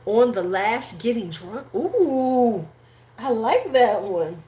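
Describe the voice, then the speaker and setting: A woman's voice: fairly high pitch, lively intonation, slow pace, mellow. A woman hosting a casual livestream chat at home, rambling and slangy. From United States. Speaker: host.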